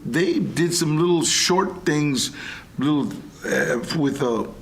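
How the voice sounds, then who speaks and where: This older male talk show guest speaks slowly in a higher-pitched voice, with slight noise in the background. His storytelling is casual and wandering, full of energy, and he performs other people's lines as he quotes them.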